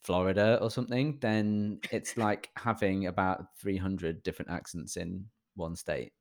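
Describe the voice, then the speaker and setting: An English man co-hosting a podcast, chatting casually with laughs and halting restarts. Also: deep voice, fairly even intonation. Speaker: podcast co-host. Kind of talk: casual chat.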